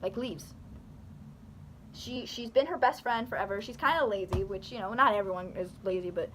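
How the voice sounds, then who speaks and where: A woman's voice: medium pitch, moderate pace, fairly bright tone, a little hiss or hum. A young woman rambling animatedly through casual commentary to her camera, full of fillers and restarts. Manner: talks with her hands. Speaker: YouTuber. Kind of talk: casual talking-head commentary.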